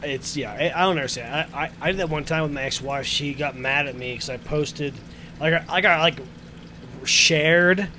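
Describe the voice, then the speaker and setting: A man with a somewhat high voice co-hosting a podcast in easy conversation. He rambles through stories with plenty of fillers and swears casually. Faint noise hums under the recording. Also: normal speed. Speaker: podcast co-host. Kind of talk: casual chat.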